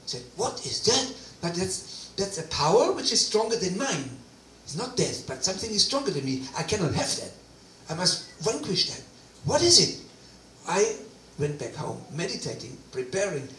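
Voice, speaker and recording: A man giving a personal testimony talk, animated storytelling with quoted dialogue, in a hall. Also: a little high, slight background noise. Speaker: guest speaker. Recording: roomy distant hall recording, faint ambience.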